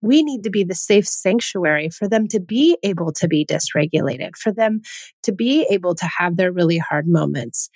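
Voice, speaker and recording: A woman's voice: medium pitch, a little mellow, no room sound. A woman hosting a parenting podcast, speaking in an earnest, conversational way with emphatic stresses. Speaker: podcast host.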